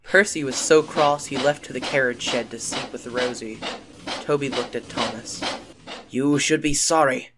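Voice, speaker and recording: A woman narrating a children's storybook tale in an expressive, lilting way. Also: extremely low pitch, moderate pace, background noise. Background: music.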